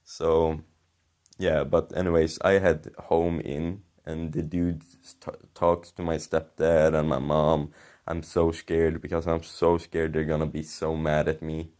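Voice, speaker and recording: A young man with a low voice rambles through an embarrassing story from his past. He swears often and chuckles at himself, keeping it loose and conversational. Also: flat delivery, unhurried, a little mellow. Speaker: commentary channel host. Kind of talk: casual storytelling.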